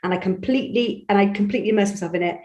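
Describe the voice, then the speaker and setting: A chatty woman with a Bristol accent tells stories in an interview, animated and full of quick restarts. Her mid-pitched voice rings a little in an echoey room. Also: highs cut off. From England. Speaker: audiobook narrator guest. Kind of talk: conversational interview.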